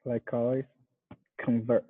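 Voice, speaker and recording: A Brazilian man whose first language is Portuguese practices English words, repeating each one carefully. He speaks very slowly and checks whether he got it right. His voice comes through a thin, phone-like video call. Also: mid-range voice, flat delivery. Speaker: software engineer learning English. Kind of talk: pronunciation practice.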